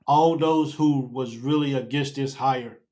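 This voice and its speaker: A man's voice: mid-range voice, unhurried. A man hosting a fan show, talking in a casual sports reaction chat, emphatic and repeating himself like a preacher as he builds up. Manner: emphatic, preacher-like repetition, rising to near shouting. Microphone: own camera setup at home.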